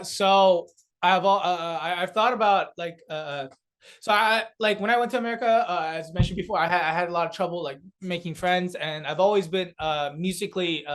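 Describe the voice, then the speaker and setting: Young man, slightly high voice, animated, filler-heavy podcast guest. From South Korea. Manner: laughing, animated storyteller with many fillers. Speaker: comedian and beatboxer guest. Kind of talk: casual podcast chat.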